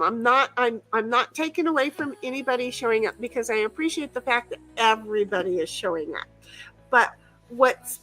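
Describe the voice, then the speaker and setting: High-voiced rambling woman streamer. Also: pushed and bright, low-quality recording. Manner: rambling, playful, laughs and swears often. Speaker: streamer host. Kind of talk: casual chat on a game stream.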